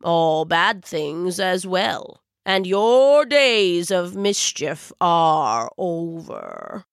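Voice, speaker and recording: A kindly old wizard, voiced by a woman, speaks slowly and warmly in a storybook tale. His voice sits lower than the narrator's own, wise and unhurried. The recording is dry and close. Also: huge pitch swings, gravelly, dry recording, full character voice. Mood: gentle. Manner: slow, deep, gentle and wise. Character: kindly old male wizard Father Frost. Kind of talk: storybook voice acting.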